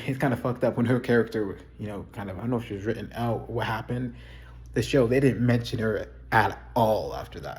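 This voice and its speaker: A man with a fairly low voice talks casually and candidly, rambling from thought to thought and swearing freely. A faint hiss of background noise sits under his voice. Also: a little mellow. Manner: candid, rambling, profane, blunt opinions. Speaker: video creator reviewing a TV show. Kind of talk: casual chat.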